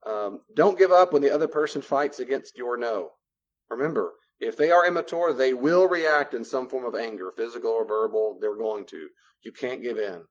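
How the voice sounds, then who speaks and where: A man teaching a class on boundaries, lecturing and acting out both sides of short dialogues in an animated way. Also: mid-range voice, moderate pace, lo-fi sound. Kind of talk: classroom lecture with role-play examples.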